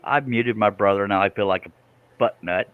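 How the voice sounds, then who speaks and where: A man's voice: on the low side, moderate pace, clean tone, no room sound, narrow, tinny audio. A man hosting a live stream, chatting casually, teasing his co-host and laughing often. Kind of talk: casual chat while reading comments.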